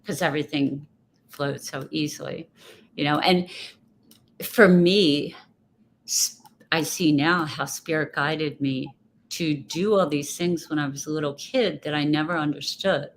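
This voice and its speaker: A woman with a low voice talks in a loose, reflective way, often circling back and restarting her thoughts as an interview guest. There is a faint hiss in the background. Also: steady tone, measured pace. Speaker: guest speaker. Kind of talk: casual interview chat.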